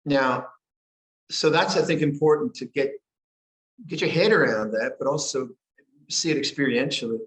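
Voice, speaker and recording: An older man leads a meditation session and dharma talk at a middle pitch. He speaks gently and without hurry, circling back and restarting phrases as he thinks. The sound carries the roomy echo of a monastery hall. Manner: gentle, unhurried, with frequent restarts and pauses. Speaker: meditation teacher. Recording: echoey hall.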